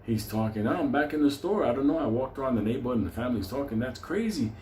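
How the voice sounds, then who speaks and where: Foul-mouthed New raconteur, mid-pitched, rambling and laughing, roomy echo with faint ambience. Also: male voice, rapid-fire, a little mellow, slight background noise. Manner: profane, rambling, laughs through the telling. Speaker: storyteller. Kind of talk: comic storytelling.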